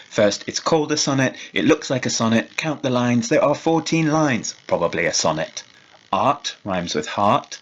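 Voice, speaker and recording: Male lecturer, low husky voice, dull lo-fi recording, measured explanations. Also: fairly bright tone. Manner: measured, explanatory, reads verse slowly.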